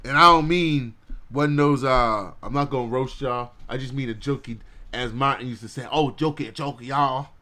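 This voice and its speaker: A man's voice: mid-range voice, normal speed, sharp tone. A man hosting his own podcast, ranting bluntly and profanely to his live chat and laughing at his own jokes. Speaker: podcast host.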